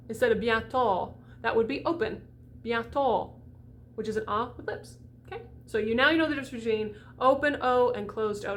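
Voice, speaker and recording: A chatty American voice coach walks singers through pronunciation, stressing points firmly and performing the sounds aloud. Her voice is fairly high, with a little hiss or hum on the recording.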